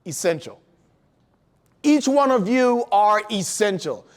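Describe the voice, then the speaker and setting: A man with a high voice delivers an energetic motivational talk to school staff in a large room before an audience. Speaking slowly with big pitch swings, he tells stories and repeatedly asks the listeners questions.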